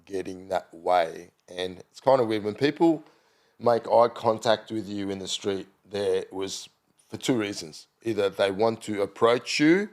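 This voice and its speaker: A middle-aged Australian man with a fairly low voice appears as a podcast guest, rambling through anecdotes at a measured pace. It's casual chat full of ums, uhs and restarts, and he imitates the voices of people he quotes.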